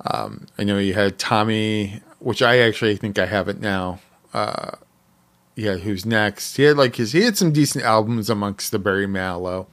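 A man's voice: fairly low pitch, moderate pace, fairly bright tone. A man co-hosting a podcast, telling a story with lots of ums. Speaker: podcast co-host. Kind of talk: casual podcast chat.

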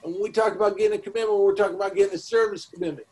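A man's voice: sits high, steady tone, rapid-fire, a little mellow, low-quality recording. A man co-hosting a casual recovery podcast, talking in an emphatic, preachy way with casual swearing. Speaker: podcast co-host.

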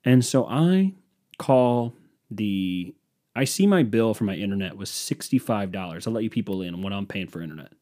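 A man's voice: on the low side, lively intonation, moderate pace, dark tone. A young man hosting a podcast, telling a profane, exasperated story in a casual solo rant. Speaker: podcast host.

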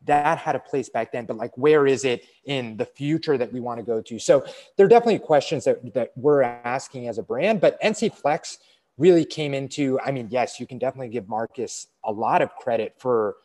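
A man's voice: medium pitch, fairly quick, a little mellow. A man speaking as a guest in a casual interview, loose and rambling, with lots of "like" and "you know.". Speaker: fitness brand representative, guest.

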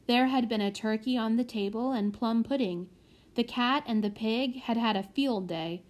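A woman narrating a children's audiobook in a measured way. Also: a little high, a little mellow. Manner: measured, with small slips corrected.

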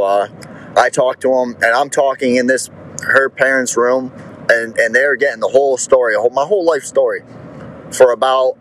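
A man's voice: mid-range voice, a bit bright, slight background noise, poor audio. Crude rambling young man telling a story. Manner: crude, rambling, swears a lot with many restarts. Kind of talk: casual storytelling.

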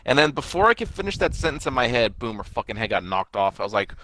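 A man joins a casual movie talk with brash enthusiasm and lots of swearing. His pitch swings widely as he talks. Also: big pitch swings, fast, bright, forceful tone, low-quality recording. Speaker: podcast co-host.

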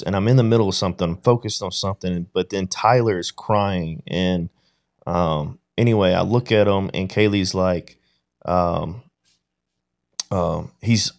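A man's voice: lowish voice, darkish tone. A man in casual podcast conversation, telling a reflective story and often checking in with "right?". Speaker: podcast guest or co-host.

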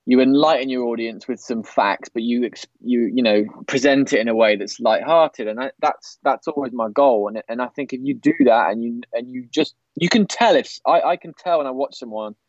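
A man guesting on a podcast, a broadcaster who talks candidly and rambles, restarting often. His pitch is ordinary and middling. The audio is slightly dull and lo-fi, and dry with no room sound. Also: no echo. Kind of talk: casual podcast chat.

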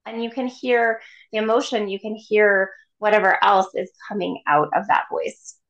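A woman's voice: mid-range voice, steady tone, normal speed, a bit bright, muffled recording. A woman guest on a podcast, chatting casually and animatedly about chakras, acting out voices and laughing often. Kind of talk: casual chat.

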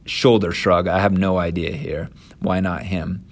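A man giving casual scripture commentary as a teacher, talking in a slangy, animated, conversational way. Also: deep voice, unhurried.

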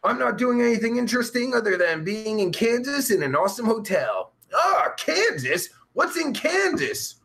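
Lively, high-voiced profane streamer man. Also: vocal fry. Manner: profane, rambling, sarcastic, with groans and drawn-out sighs. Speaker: live stream host reading chat. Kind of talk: casual live stream chat.

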